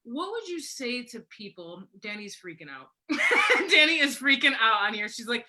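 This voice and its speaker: A bright, crisp-toned woman in her forties hosts a relaxed live chat. She talks in a somewhat high voice, chatty and animated, and laughs often as she acts out little quotes. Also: moderate pace. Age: 40s. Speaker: host. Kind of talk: casual livestream chat.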